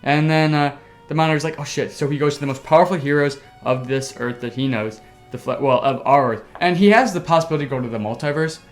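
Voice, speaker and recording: A man hosting a casual podcast, telling a story excitably with sound effects and the odd swear word. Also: on the high side, fast talker, soft background music. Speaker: podcast host.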